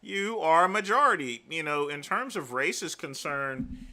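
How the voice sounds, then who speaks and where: A man hosting a livestream, reacting to clips with emphatic, mocking repetition and sudden bursts of shouting. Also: fairly high pitch, lively intonation, moderate pace. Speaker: livestream host. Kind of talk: live reaction commentary.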